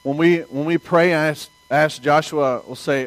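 A man's voice: fairly high pitch, normal speed, few pauses, low-quality recording. A man from the American South with a Southern accent, preaching a sermon in a folksy storytelling way and asking the congregation for amens. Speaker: pastor.

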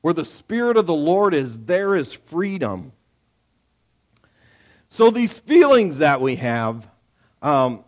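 Animated man giving a conversational sermon. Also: medium pitch. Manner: animated storyteller, acts out quotes, frequent "right?"; lively conversational sermon delivery. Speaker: pastor.

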